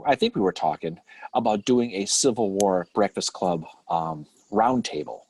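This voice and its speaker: A man's voice: sits low, animated, moderate pace, darkish tone, slightly rough, dry recording. A man co-hosting a casual live-stream chat, teasing and joking with his co-host and swearing casually. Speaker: podcast co-host.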